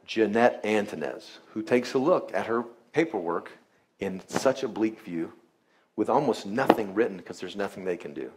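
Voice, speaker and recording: A low-pitched man speaks to a live audience in an event hall. He is a chiropractor telling an earnest story and voices each quoted line himself. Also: animated, normal speed, heavy background noise. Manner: earnest, acts out quoted dialogue.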